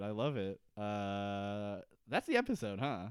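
Podcast co-host, male, animated and jokey, breaks into character lines, smooth voice, dry close mic. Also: fairly low pitch, a little slow, few pauses, dry recording. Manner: animated, laughs often, acts out characters' lines. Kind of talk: casual comedic recap chat.

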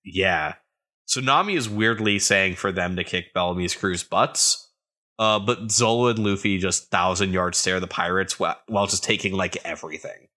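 A man's voice: low-pitched, bright, forceful tone. A man co-hosting a podcast, recapping a manga chapter by chapter in casual chat with joking asides. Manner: recaps the plot with joking asides and quick voiced quotes. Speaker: podcast co-host.

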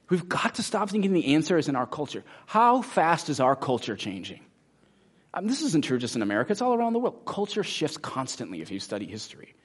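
Animated husky male preacher. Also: mid-range voice. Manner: animated, acts out inner voices with props. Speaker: pastor. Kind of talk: sermon.

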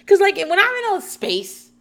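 A woman's voice: very high-pitched, bright, forceful tone. Laid-back woman recapping a TV episode. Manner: rambling, profane, laughs often. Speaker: TV recap podcast host.

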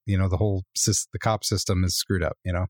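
A man's voice: deep voice, steady tone, fast, darkish tone. A man co-hosting a podcast, rambling and opinionated, full of fillers. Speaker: podcast co-host. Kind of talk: casual chat.

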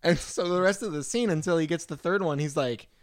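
A man's voice: a little high, a little fast, no room sound. Man animatedly retelling movie scenes. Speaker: podcast co-host. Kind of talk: casual chat.

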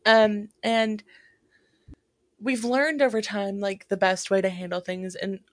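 A woman's voice: medium pitch, little pitch movement, takes it slowly, no echo, clean studio sound. A woman talking in a casual, reflective way, with many fillers and restarts. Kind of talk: casual chat.

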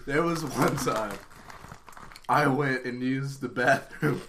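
A young man telling a story in a relaxed chat with friends, unhurried and amused. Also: mid-range voice. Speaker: podcast co-host. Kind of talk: casual chat among friends. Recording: faint background noise.

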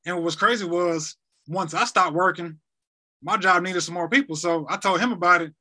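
A man's voice: high voice, moderate pace, sharp tone. A young man casually telling a personal story, rambling and repeating himself as he acts out conversations.

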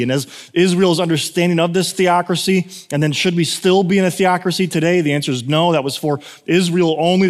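A man gives a sermon to his congregation in an easygoing, conversational way, stopping to fix his own slips. His voice sits a little high for a man and rises when he stresses a point. The sound carries a long reverb from the church hall. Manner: casual, self-correcting, emphatic at points. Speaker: pastor.

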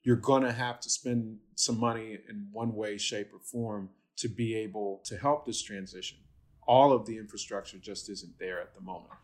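A man answering interview questions as an energy policy expert, in a measured, methodical way with the odd filler. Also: lowish voice, fairly even intonation, darkish tone.

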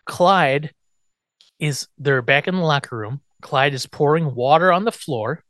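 A man's voice: on the high side, unhurried, fairly bright tone, dry recording. A man co-hosting a podcast, chatting casually as he recaps an episode, laughing often and acting out the quotes. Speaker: podcast co-host.

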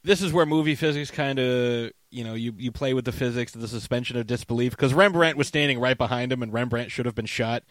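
A man casually recapping a movie scene with a co-host, animated and swearing freely. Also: medium pitch, fairly quick, few pauses, no room sound.

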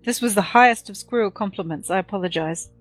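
A woman's voice: medium pitch, quick pace, soft background music, lightly acted. A woman voicing a polite, apologetic adventurer in a tabletop game.

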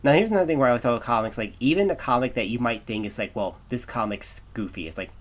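A man's voice: mid-range voice, big pitch swings, very fast. Rambling man in casual podcast chat. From United States. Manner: rambling, many restarts and "like"s. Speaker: podcast co-host.

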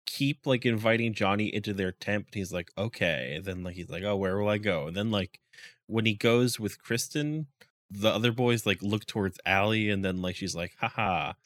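A man casually recapping a movie, rambling with lots of "like" and quick quoted lines. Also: fairly low pitch, no room sound. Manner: rambling, many "like"s, quotes characters in quick voices.

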